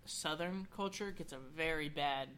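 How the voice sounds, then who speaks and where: A man's voice: a little high, a little slow, a bit bright, a little hiss or hum. A young man co-hosting a podcast in casual chat, often chiming in with short replies. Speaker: podcast co-host.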